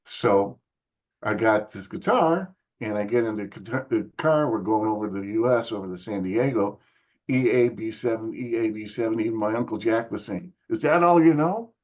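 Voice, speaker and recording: Older man telling a lively story. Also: fairly quick, highs cut off. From United States. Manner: animated storyteller, acts out others' lines in higher voices. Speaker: musician guest. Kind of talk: casual storytelling interview.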